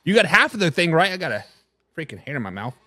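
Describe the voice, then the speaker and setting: A man's voice: big pitch swings, quick pace, sharp tone, no echo. A man hosting a live NFL talk stream, brash and opinionated, reading fan comments and answering them directly. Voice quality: high, twangy voice. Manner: brash, opinionated, talks straight to chat. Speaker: sports talk show host.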